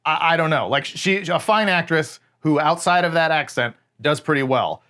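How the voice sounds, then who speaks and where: Measured, hesitant male film reviewer. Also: a little high, sharp tone. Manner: hesitant, measured, many restarts. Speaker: podcast co-host. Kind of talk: casual movie review chat.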